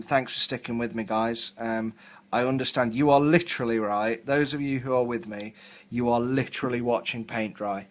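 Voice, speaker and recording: Rambling southern English man live-streaming. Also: medium pitch. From England. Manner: rambling, filler-heavy, chatty. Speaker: hobby live-streamer painting miniatures. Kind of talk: casual live-stream chat.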